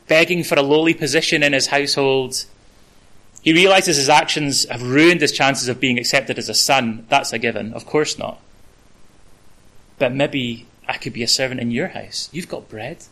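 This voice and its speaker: A man's voice: medium pitch, sharp tone, poor audio. A man preaching a conversational sermon, with casual asides and the odd filler.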